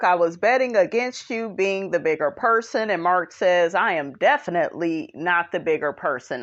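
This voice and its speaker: A sassy woman recaps a reality show in casual commentary, her voice pitched a bit high and swooping widely. She talks slowly and keeps tossing in "honey" and "okay." The recording sounds dull and lo-fi. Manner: sassy, animated, sprinkles 'honey' and 'okay'; breaks into high laughing impressions.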